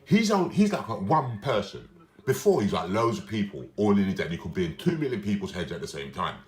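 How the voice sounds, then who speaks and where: A man's voice: fairly low pitch, very animated, fairly quick, darkish tone. A man, ranting in a rambling, agitated way and swearing, indoors in his room. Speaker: vlogger. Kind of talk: rambling casual monologue. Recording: roomy echo.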